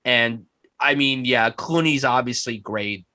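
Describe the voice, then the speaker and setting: Male podcast host, casual film chat, excitable and profane, average pitch, dry close sound. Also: measured pace, no echo. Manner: enthusiastic, profane, puts on mock voices.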